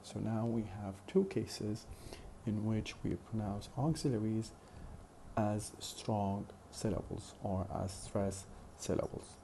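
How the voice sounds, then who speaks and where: This phonetics lecture comes from a man whose voice is low, gravelly, and mellow, with fairly even intonation and a slow, deliberate pace. He says his example phrases more than once and often halts on "uh" as he explains. There's a light hiss of background noise throughout.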